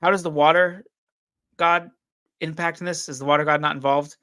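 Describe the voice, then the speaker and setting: Tired, easygoing man with a bright voice. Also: on the high side, fairly even intonation, brisk, clear, resonant tone, no room sound. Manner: easygoing, rambling with many "like"s. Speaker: book reviewer guest. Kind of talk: casual chat about a book.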